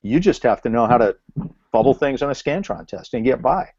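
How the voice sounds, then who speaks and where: A man, an educator in a casual video call discussion, laying out an extended argument in a measured, explanatory way. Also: mid-range voice, lively intonation, a little mellow, no echo. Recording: dull dry video call audio.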